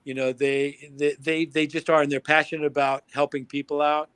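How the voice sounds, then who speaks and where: A man from the United States talking as a guest on a livestream, excitable, swearing freely and laughing often. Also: on the high side, moderate pace, clear, resonant tone, dry recording. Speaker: guest, product formulator. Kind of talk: casual chat on a livestream.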